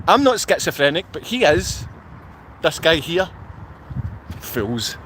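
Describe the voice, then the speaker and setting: A Scottish man talks off the cuff on a live stream, his voice sitting a touch higher than most men's. He wanders from one thought to the next and answers the comments he reads out. Faint traffic hums behind him in an outdoor car park. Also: a bit bright. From Scotland. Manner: rambling, reads viewer comments aloud and answers them. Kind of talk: rambling live-stream monologue.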